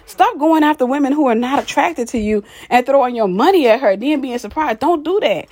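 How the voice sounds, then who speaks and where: Husky-voiced woman telling a story. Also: high voice, animated, a little fast, a little mellow. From Mississippi. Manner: candid, frank, addresses listeners directly; walking up stairs while talking. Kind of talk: casual personal storytelling.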